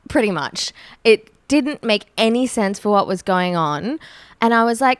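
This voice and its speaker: A woman's voice: mid-range voice, brisk, smooth, dry recording. A young woman hosting a podcast, telling a story with lots of laughs and some swearing. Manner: animated storyteller who laughs a lot and swears. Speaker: podcast host. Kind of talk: casual chat, telling a story.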